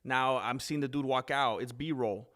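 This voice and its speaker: Man, casual live fight commentary, chatty, rambling, mid-pitched voice. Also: unhurried. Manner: chatty, rambling, easily excited.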